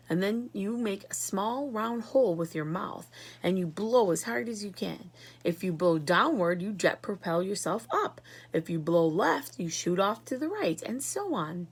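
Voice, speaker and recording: A woman's voice: mid-range voice, breathy edge, full character voice. A woman voicing an eccentric, grand male candy-maker in a read-aloud storybook, exclamatory and commanding. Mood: instructive.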